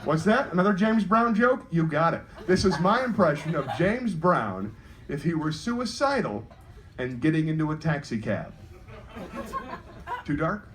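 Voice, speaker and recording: A man doing a fast, jokey stand-up comedy routine and bantering with the audience. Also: on the high side. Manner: quick, jokey, banters with the crowd. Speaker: comedian host. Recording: live show with loud crowd noise. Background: loud crowd laughing.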